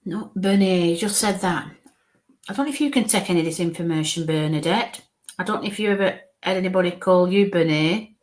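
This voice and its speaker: A woman medium giving a live spirit reading, talking in halting bits and murmuring soft coaxing asides. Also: on the low side.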